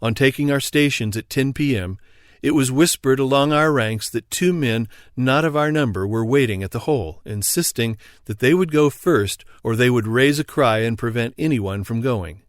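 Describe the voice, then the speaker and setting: A man's voice: mid-range voice, moderate pace, no echo. Man reading an audiobook, dry and close. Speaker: audiobook narrator. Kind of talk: scripted narration.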